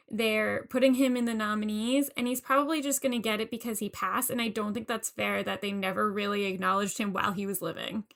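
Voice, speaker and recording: A woman's voice: mid-range voice, a bit bright. A woman co-hosting a podcast, talking in a chatty, casual way and laughing often. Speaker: podcast co-host. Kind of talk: casual chat.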